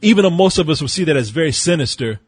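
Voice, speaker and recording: A man's voice: fairly high pitch, animated, quick pace, husky, no echo. A man co-hosting a movie review podcast, chatting casually with jokes and rambling restarts. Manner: joking, rambling, laughs often. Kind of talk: casual chat.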